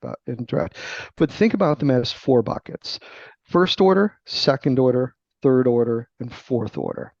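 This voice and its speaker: A middle-aged man with a gravelly voice, a guest author explaining sales ideas in a teacherly, emphatic interview manner. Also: mid-range voice, a little mellow, dry recording. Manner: emphatic, teacherly, checks in with "right?". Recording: dull lo-fi dry remote audio.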